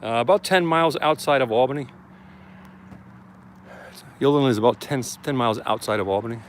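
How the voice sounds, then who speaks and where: A medium-pitched man speaking a little fast chats casually on an outdoor live stream. He's a First Amendment auditor filming handheld around a police station, greeting viewers by name over slight background noise.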